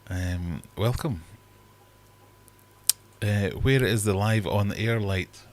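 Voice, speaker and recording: A man hosts a casual livestream from his fish room as a fishkeeper, chatting in a rambling, self-deprecating way. His fairly low voice is slow with frequent pauses, and there's slight background noise.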